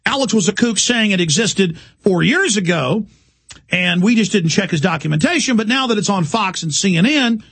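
Gravelly high-voiced ranting male host. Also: lively intonation, moderate pace, fairly bright tone. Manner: urgent, ranting delivery. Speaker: talk show host. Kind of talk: impassioned monologue.

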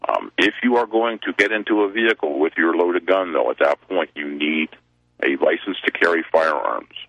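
A man speaking as a radio guest, explaining things in a measured way, with hesitations and self-corrections. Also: low-pitched, fairly bright tone, dry recording. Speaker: guest, open-carry group member. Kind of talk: radio interview answers. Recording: dull lo-fi call-in audio.

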